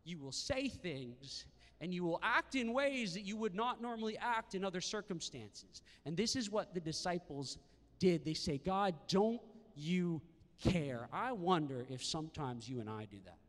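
A man preaching a sermon to a live congregation in a church hall, animated and acting out quoted voices. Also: sits high, moderate pace. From Canada. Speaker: pastor. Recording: long hall reverb.

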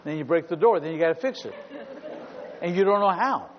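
A man's voice: on the high side, sing-song, fairly quick, some chatter behind, slight background noise. A middle-aged male pastor preaching a sermon with humor, acting out little scenes in asides. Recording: dull sound with long hall reverb.

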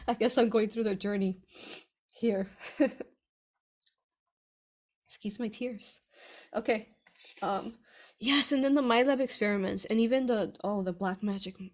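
A woman author talks casually to her followers in a medium-pitched voice. She rambles with many fillers and restarts. Her delivery swings from excited bursts to hushed, earnest asides. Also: husky. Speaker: author answering reader questions. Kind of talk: casual livestream chat.

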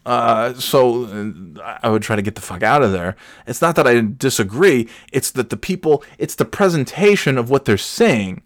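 A man's voice: mid-range voice, lively intonation, moderate pace, hardly any pauses, dry recording, studio quality. A man telling a comic story in a profane, sardonic, rambling way.

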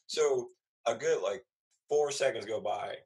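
A man, a guest comedian, telling a story in casual chat, animated and swearing freely. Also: mid-range voice, unhurried, vocal fry.

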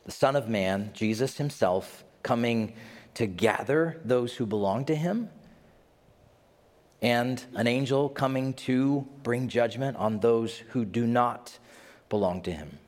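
A male pastor preaching a sermon in a conversational, animated way with casual asides. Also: medium pitch, slow. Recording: echoey hall reverb.

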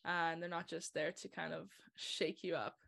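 A woman hosting a casual podcast conversation, talking in an animated, chatty way and laughing between points. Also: lowish voice, normal speed, gravelly.

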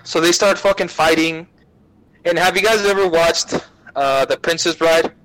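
A man's voice: fairly high pitch, moderate pace, rough recording. Foul-mouthed man rambling through a recap. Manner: profane, rambling, animated storytelling. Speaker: podcast guest. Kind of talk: casual anime recap chat.

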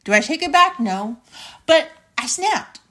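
A woman's voice: high voice, animated, a little slow, fairly bright tone. A young woman hosting a podcast, telling a personal story in a blunt, indignant monologue with plenty of swearing. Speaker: podcast host.

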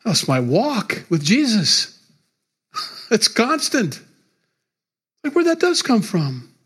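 A man preaching a sermon to his congregation. His voice sits a little high and sounds husky and breathy. He delivers it with emphasis and repetition, swinging between loud rises and quiet drops. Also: huge pitch swings, slow. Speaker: pastor.

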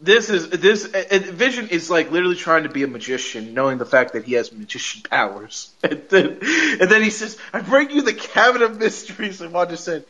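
A man's voice: on the high side, animated, a little fast, few pauses, fairly bright tone, low-quality recording. A podcast host casually recapping a TV episode, laughing often and acting out the characters' lines as he retells the scenes.

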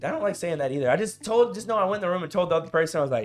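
Young male podcast co-host, lively casual storyteller, fairly high voice, soft music bed. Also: rapid-fire. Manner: animated, laughs often, says "bro" and "I was like".

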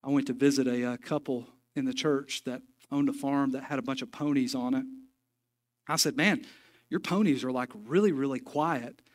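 A man's voice: medium pitch, normal speed. A man preaching a sermon in a church, folksy and joking, with emphatic stretches. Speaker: pastor. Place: church sanctuary.

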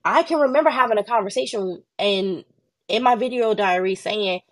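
A young woman co-hosting a faith podcast, telling her story in an animated way and jumping into high voices when she quotes people, sounding tired and worn down. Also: normal speed. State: tired and under the weather. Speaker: podcast co-host. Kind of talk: casual faith podcast chat.

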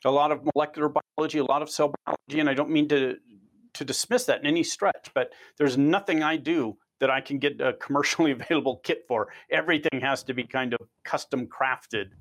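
A man speaking in a somewhat high voice, telling lab stories with animation. He answers interview questions and often repeats a word as he starts a phrase. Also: a little fast. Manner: animated storyteller, repeats words when starting. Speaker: research scientist.

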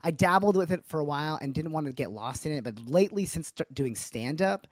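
A man's voice: fairly high pitch, lively intonation, no echo. A man in his forties from New Hampshire, a guest comedian telling stories in a casual podcast chat, laughing often and restarting his sentences. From New Hampshire, USA. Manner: chatty storyteller with quick restarts and frequent laughs.

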